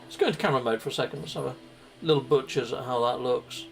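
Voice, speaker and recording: Speaking fast in a gravelly, medium-pitched voice, a UK gaming streamer gives chatty, playful commentary on his play and says hello to viewers, with goofy outbursts. Soft music plays in the background.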